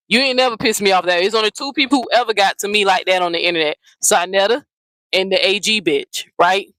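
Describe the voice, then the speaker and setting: A woman's voice: mid-range voice, fast talker, fairly bright tone, no room sound, rough recording. A woman hosting a commentary channel, ranting bluntly and profanely, often repeating herself. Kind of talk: heated casual commentary rant.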